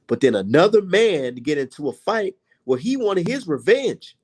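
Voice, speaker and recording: Profane, animated man ranting. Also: high-pitched, normal speed, breathy edge. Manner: profane, blunt, exasperated; reads viewer comments aloud. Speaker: boxing commentator and channel host. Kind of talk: heated livestream rant.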